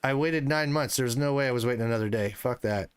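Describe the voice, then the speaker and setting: A man's voice: mid-range voice, fast, clean tone, no echo. A man in his thirties streaming a hunting game, chatting casually with his viewers and swearing when the game frustrates him. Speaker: livestreamer. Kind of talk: casual livestream chat while gaming.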